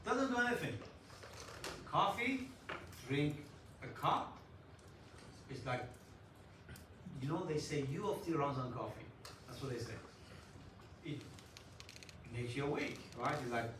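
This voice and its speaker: A man lecturing a university class in an animated way, putting questions to students and joking. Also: on the high side, recorded from a distance. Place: lecture hall. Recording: echoey hall, voice from afar, faint noise.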